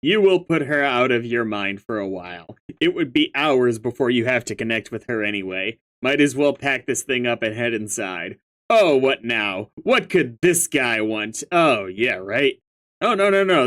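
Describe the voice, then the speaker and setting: A man's voice: medium pitch, animated, normal speed, fairly bright tone. Chatty man reading a webcomic aloud. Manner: chatty, reacts aloud, stumbles on names. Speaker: reader. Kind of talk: casual read-aloud of a webcomic.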